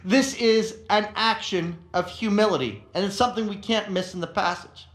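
A man with a notably high voice delivers a sermon as a pastor. He tells stories with animation, doubling back on words as he speaks. The sound carries a roomy echo. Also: normal speed. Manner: animated storytelling with frequent repeated words.

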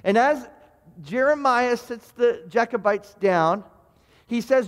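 A middle-aged man preaching in a fairly high voice. He talks casually to the congregation, repeating and restarting words as he goes. His voice rings with the long reverb of a large hall. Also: a little slow. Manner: stammering restarts, conversational preaching. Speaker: pastor. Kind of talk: sermon.

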